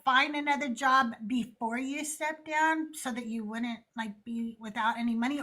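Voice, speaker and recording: Woman, podcast host, high bright voice, animated storyteller who swears. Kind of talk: casual chat.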